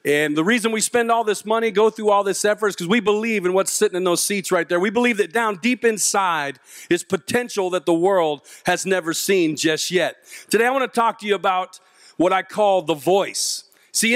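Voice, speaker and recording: Animated, high-pitched male motivational speaker. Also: normal speed, dry recording, clean studio sound. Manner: animated storyteller, acts out voices and jokes. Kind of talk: comedic motivational speech to teens. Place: large auditorium with a young audience.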